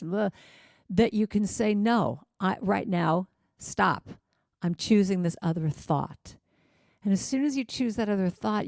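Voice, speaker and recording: A middle-aged woman speaking to a spiritual congregation in a relaxed, conversational way. She is lively and keeps slipping into sung lines and acted-out quotes. Her voice sits at an ordinary pitch, and the sound is dry and close. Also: gravelly, no room sound. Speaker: guest musician and speaker. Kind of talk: casual spiritual talk.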